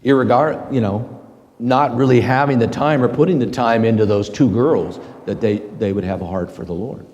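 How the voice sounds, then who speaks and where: A middle-aged man giving a slow, halting, earnest personal testimony to a men's group. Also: medium pitch, darkish tone. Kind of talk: reflective personal testimony talk. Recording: long hall reverb.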